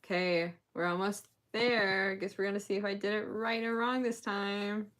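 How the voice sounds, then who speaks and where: A woman's voice: medium pitch, steady tone, normal speed, a bit bright. A woman on a casual crochet live stream, counting stitches aloud and laughing between lines as she chats to viewers.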